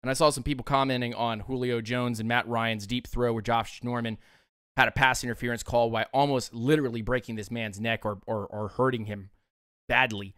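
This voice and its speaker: A man hosting a sports show, breaking down game plays with excitable energy and frequent laughter. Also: mid-range voice, a little fast, clear, resonant tone, no room sound, clean studio sound. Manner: excitable, breaks into laughter, acts out players in quotes. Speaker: sports podcast host. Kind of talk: animated sports commentary.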